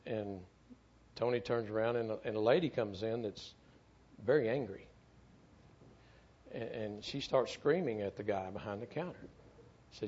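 A man's voice: lowish voice, moderate pace, darkish tone, breathy edge, dull audio. A middle-aged man tells a story in a sermon, speaking earnestly and often repeating words as he goes. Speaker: church speaker, former firefighter.

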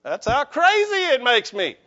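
A male pastor delivering a lively sermon in church, joking with the congregation and calling for amens. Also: very high voice, a little slow, lo-fi sound.

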